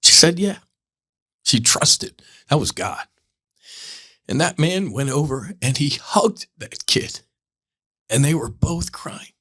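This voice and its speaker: Bright-voiced earnest man, rambling host. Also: medium pitch, lively intonation, slow, husky. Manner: rambling, earnest, self-interrupting. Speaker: podcast host. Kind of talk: candid spiritual monologue.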